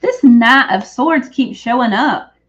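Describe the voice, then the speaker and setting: A woman's voice: on the high side, lively intonation, slow pace, fairly bright tone. A woman doing a live tarot reading, chatty and rambling, often correcting herself, in the back room of a shop. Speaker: psychic reader. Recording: dull lo-fi stream audio.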